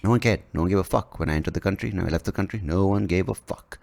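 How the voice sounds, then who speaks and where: A man's voice: deep voice, very fast, gravelly, darkish tone. A man hosting a podcast, rambling through a profane, self-mocking comedic monologue. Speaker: podcast host.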